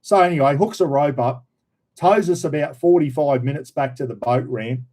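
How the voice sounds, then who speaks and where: An Australian man casually telling a story, acting out other people's shouted lines and laughing as he talks. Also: a little high, normal speed. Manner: animated, acts out quoted shouts, laughs mid-sentence. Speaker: vlogger, former police officer.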